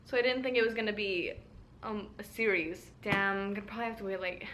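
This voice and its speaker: A woman's voice: mid-range voice, fast talker, fairly bright tone, a little hiss or hum. A young woman chatting animatedly about a fantasy romance book she is reading, with lots of laughs and fillers in a casual vlog. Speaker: book vlogger. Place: at home.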